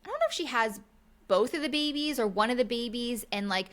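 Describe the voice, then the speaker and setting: Chatty, bright-voiced mom storyteller. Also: female voice, fairly high pitch, lively intonation, fairly quick. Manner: chatty storyteller, swears freely, acts out quotes. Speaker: podcast co-host; mother of several kids. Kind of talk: casual chat recapping reality TV.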